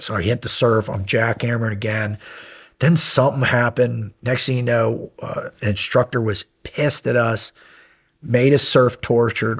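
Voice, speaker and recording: Husky-voiced man telling a war story. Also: medium pitch. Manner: animated storyteller, dropping to quiet intensity. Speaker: podcast guest, former Navy SEAL. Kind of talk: casual storytelling interview.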